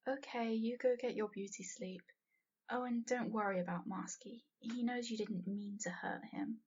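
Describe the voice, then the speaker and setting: A woman voicing a light, teasing friend who speaks softly, partly in a whisper. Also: a little high, fairly even intonation, normal speed, husky. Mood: reassuring. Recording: dull lo-fi home recording.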